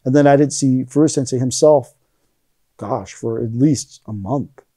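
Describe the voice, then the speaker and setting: A man's voice: medium pitch, moderate pace, mellow, dry recording, studio quality. A middle-aged man telling stories in a casual interview, acting out the lines he quotes. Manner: rambling anecdotes, acts out quoted lines. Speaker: interview guest, aikido teacher.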